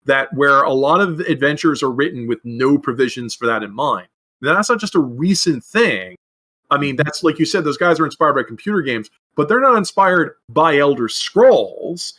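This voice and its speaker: A man with a slightly high, pushed, bright voice co-hosts a podcast on game design. His casual talk spills out in long rambling runs full of restarts and fillers.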